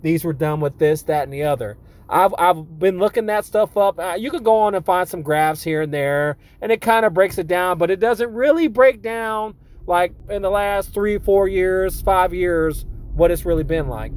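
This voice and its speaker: A man's voice: high-pitched, normal speed, hardly any pauses. A man giving casual news commentary as a returning segment guest, talking with many fillers and restarts. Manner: hesitant, filler-heavy.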